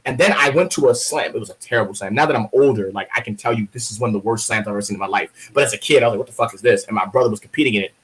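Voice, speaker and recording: A man in his thirties from Baltimore with an American accent, a guest poet telling stories in a casual interview, lively and profane, acting out other people's voices. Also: fairly low pitch, rapid-fire, hardly any pauses, poor audio. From Baltimore, USA. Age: 30s.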